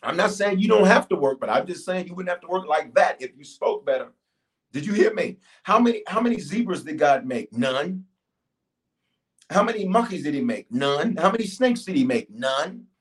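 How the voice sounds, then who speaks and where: A man pastor preaching a livestreamed sermon and prayer from a church stage, animated and call-and-response, swinging between loud exhortation and low, slow prayer. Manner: animated, call-and-response, urging the audience to answer. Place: church stage filmed by several cameras.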